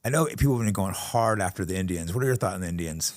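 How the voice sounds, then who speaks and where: Male podcast host, earnest, low voice, rapid delivery. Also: animated, no echo, clean studio sound. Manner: earnest, frequent backchannel agreement. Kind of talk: casual podcast chat. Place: podcast studio.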